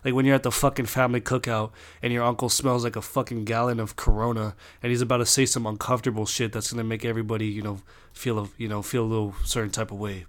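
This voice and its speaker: A man's voice: on the low side, level tone, fast. A young man telling a long personal story in a rambling, casual way, swearing constantly and restarting his sentences.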